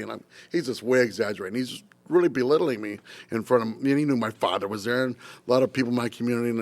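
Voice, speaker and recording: A man's voice: mid-range voice, quick pace, no room sound. An older man, a guest musician, telling a story in a podcast interview and acting out the voices of people he quotes.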